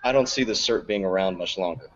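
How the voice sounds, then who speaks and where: A man's voice: deep voice, quick pace, highs cut off, a little hiss or hum. A man in a casual podcast chat, talking hesitantly as he reads out a review.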